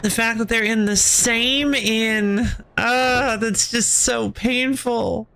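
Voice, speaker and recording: A streamer giving casual, excitable commentary while playing a story game. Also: medium pitch, slow, vocal fry, clean tone. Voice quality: excitable, chatty.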